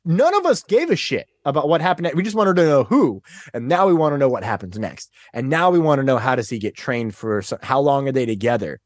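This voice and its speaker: A man guest on a podcast, chatting casually and retelling scenes in an excitable, animated way. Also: mid-range voice, fairly quick, no room sound, studio quality. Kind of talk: casual chat.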